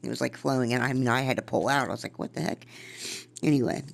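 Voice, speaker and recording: A woman podcast host reading from her own journal and musing on it in a casual, rambling way, with a gravelly fry in her voice. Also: rumbling low, fairly even intonation, fast talker. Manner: rambling, musing, trails off and restarts.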